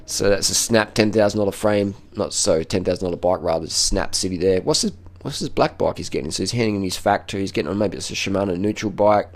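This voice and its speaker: A man's voice: sits low, quick pace, few pauses. A man giving casual running commentary on race footage as a cycling vlogger, blunt and profane, repeating short phrases.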